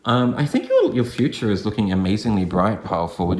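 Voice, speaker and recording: A man with a low voice gives a gentle, affirming tarot reading to his viewers. He talks loosely, with restarts and rising lifts, and the room around him sounds echoey. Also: sing-song, fast talker. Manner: gentle, affirming, drifting in pitch with frequent restarts. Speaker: tarot reader. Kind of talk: pick-a-card tarot reading.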